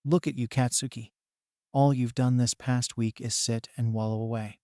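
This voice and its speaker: A man's voice: medium pitch, steady tone, normal speed, dark tone, smooth, no room sound, clean studio sound, lightly acted. A man voicing a stubborn, hot-headed middle-aged mother in a storybook reading, blunt and scolding.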